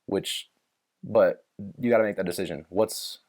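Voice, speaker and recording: A man's voice: low voice, measured pace, a little mellow. A young man hosting a podcast in casual chat, rambling and swearing freely as he works through his thoughts and retells movie scenes. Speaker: podcast host.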